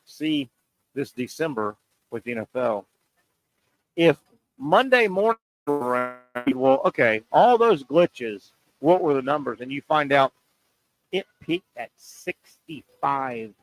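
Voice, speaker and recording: A man's voice: mid-range voice, very animated, dry recording, rough recording. A man hosting a sports talk show, making his point with rhetorical questions and repeating key lines for emphasis. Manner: pauses and stretches words for emphasis.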